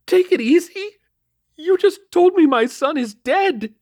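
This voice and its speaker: Male narrator as a panicked mother, high and shrill, dry close sound. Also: animated, measured pace, a little mellow, no echo. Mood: outraged. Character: panicked middle-aged mother, outraged and shrill.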